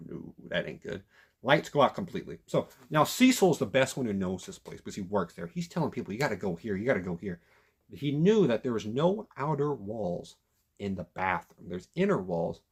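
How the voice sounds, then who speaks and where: Male reviewer, casual and emphatic, husky voice, very lively intonation. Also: fairly low pitch. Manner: animated, emphatic, frequent restarts. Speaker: documentary reviewer. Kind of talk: casual commentary retelling a story.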